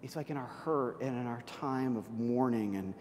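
A man's voice: normal speed, a little hiss or hum. Man preaching in a reverberant hall. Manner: dramatic, swings from loud and high to soft and hushed. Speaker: pastor. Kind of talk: sermon.

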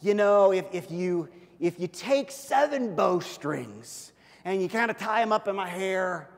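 A man's voice: high-pitched, lively intonation, measured pace, creaky, big-room sound, heavily acted. A male preacher voicing a dim-witted young strongman who talks in a casual, offhand way.

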